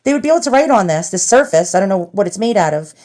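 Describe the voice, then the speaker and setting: Speaking very fast and expressively, this antiques vlogger is a middle-aged New Yorker who rambles and thinks out loud while unboxing pieces. She has a medium-pitched, darkish voice.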